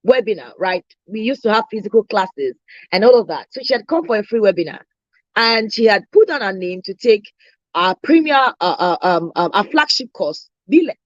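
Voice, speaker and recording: A woman giving a sales training talk, animated and checking in with "right?" as she makes her points. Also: mid-range voice, dry recording. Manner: animated, stressing points with repeated "right?" tags. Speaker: business trainer. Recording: dry, slightly muffled recording.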